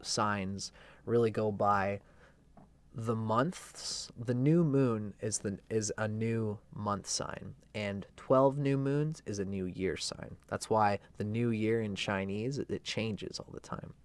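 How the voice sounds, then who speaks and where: A man's voice: lowish voice, slow, clear, resonant tone, no room sound. A man teaching astrology in a loose, conversational way, with a playful and irreverent edge. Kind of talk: casual explanatory talk.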